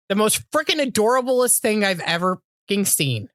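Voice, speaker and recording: A woman's voice: mid-range voice, lively intonation, normal speed, few pauses, a bit bright, no room sound, clean studio sound. Swearing, rambling woman podcast co-host. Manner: rambling storyteller, swears freely, acts out voices. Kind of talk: casual chat.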